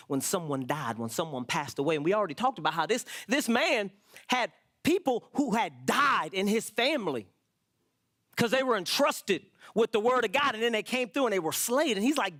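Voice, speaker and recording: A pastor preaching a sermon in a bright, ringing voice. The delivery leaps up and down with emphasis and keeps prompting the congregation to repeat key words. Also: medium pitch, dry recording, clean studio sound. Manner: animated, emphatic preaching with call-and-response prompts.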